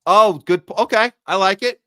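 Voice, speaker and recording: A man's voice: sits high, moderate pace, pushed and bright, smooth, no room sound, studio quality. A man hosting a live podcast, chatting casually and sarcastically while reading viewer comments. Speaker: podcast host.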